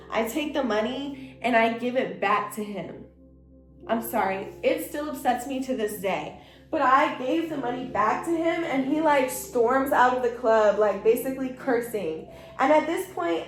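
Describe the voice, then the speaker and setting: A young woman casually telling a personal story during a stretch session, chatty and heated, with lots of "like". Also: sits high. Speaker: vlog host and former dancer. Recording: echoey room with faint music.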